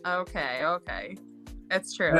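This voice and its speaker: A woman guest chatting over her phone, expressive and self-deprecating. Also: on the low side, slow pace, soft background music. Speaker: guest player. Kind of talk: casual chat.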